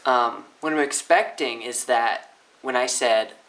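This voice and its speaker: Chatty young man explaining with playful pitch. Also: measured pace, a bit bright, low-quality recording. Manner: upbeat, chatty, exaggerates pitch to demonstrate. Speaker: language teacher. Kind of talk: casual educational explainer.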